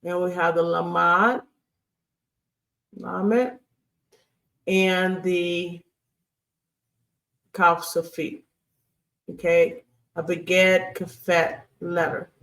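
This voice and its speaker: A woman teaches a grammar lesson over slides at an unhurried pace. Her voice has a gravelly fry to it. She sounds set back from the microphone, and she patiently repeats herself with plenty of fillers. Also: lowish voice, level tone, a bit bright, distant mic. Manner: patient, repeats key points, many fillers and checks like "okay?". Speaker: Hebrew teacher. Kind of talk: recorded video lecture over slides.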